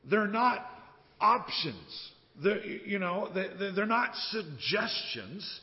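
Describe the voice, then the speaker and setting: A man preaching a sermon as a pastor, telling a story and acting out the voices in it with lively swings in loudness. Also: sits high, slow. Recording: dull sound with long reverb.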